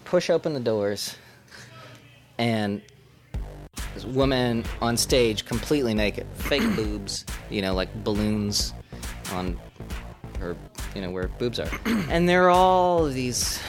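A man from Boston, a radio reporter, telling a long anecdote in a casual, lively way and acting out other people's lines in a higher voice. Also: takes it slowly, pauses often, music in the background. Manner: animated, acts out quoted voices in falsetto. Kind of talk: storytelling anecdote.

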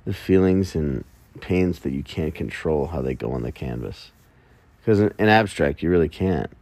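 A man's voice: rumbling low, lively intonation, moderate pace, a little mellow, no room sound. A man hosting a solo podcast, rambling casually and mocking himself with jokey asides in the early morning. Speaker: podcast host.

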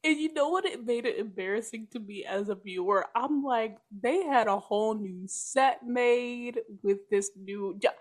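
A woman with a fairly high voice, talking in a loose, lively way. She laughs through her sentences and slips into quoting characters as she chats about a show. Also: measured pace, hardly any pauses. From part Jamaican family. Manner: animated, laughs often, quotes characters. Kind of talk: casual chat.

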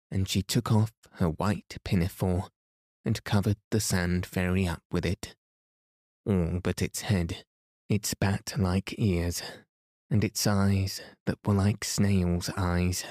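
A man narrating a bedtime story in a calm, soothing way for listeners falling asleep. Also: deep voice, slow pace, no room sound, studio quality. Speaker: podcast host, reader.

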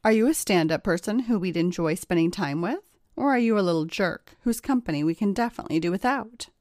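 A woman's voice: medium pitch, expressive, a little fast, a little mellow, no echo, close to an everyday voice. Lady doing a blunt tomboy girl, kinda stern, dry sound. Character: edgy, tomboyish young woman.

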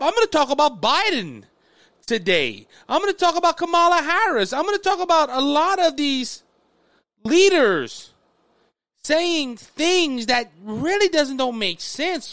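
High, lively commentator man. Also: unhurried, no echo. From Louisiana, USA. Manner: animated, sarcastic, addresses listeners as folks. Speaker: political commentator, podcast host. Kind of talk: opinionated political commentary.

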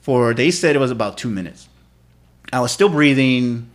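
A man's voice: medium pitch, lively intonation, moderate pace. A man co-hosting a podcast, telling a wild story in casual chat with slang and swearing. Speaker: podcast co-host.

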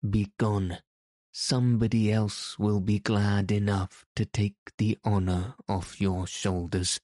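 A man's voice: fairly low pitch, level tone, mellow, dry recording, clean studio sound. A man reading the part of an irritable, blustering old king in an audiobook. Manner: blustering, quick-tempered.

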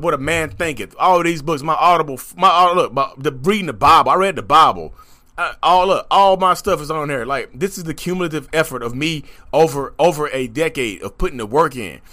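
A man talking straight to his audience in an emphatic, rapid, repeating monologue about his own journey. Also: a little high. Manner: animated, emphatic, rapid, repetitive. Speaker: content creator talking about narcissism. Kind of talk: animated direct-to-camera monologue.

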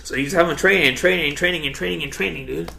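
Gravelly laid-back young guy saying "dude". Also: fairly high pitch, racing, pushed and bright. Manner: laid-back, says "dude" constantly, swears freely. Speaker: podcast co-host. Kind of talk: casual chat. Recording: echoey room.

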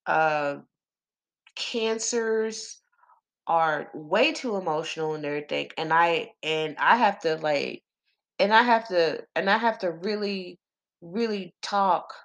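A woman's voice: fairly low pitch, slow pace. A young woman hosting a podcast, rambling through casual astrology talk with lots of fillers and swearing. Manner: rambling, profane, many fillers. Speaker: podcast host.

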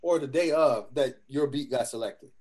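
A man's voice: mid-range voice, moderate pace, darkish tone. A man co-hosting a podcast in casual chat, making emphatic points. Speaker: podcast co-host.

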